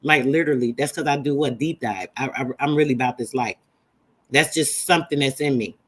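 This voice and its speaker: A woman's voice: rumbling low, brisk, slightly rough. Emphatic woman preaching to her live chat. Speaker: livestream host. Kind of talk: live-stream teaching chat.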